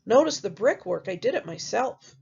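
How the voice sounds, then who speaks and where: A woman's voice: medium pitch, big pitch swings, moderate pace, vocal fry, darkish tone, husky, highs cut off, heavily acted. A woman voicing a small, proud and cheerful male pig in a picture-book read-aloud, chirpy and welcoming.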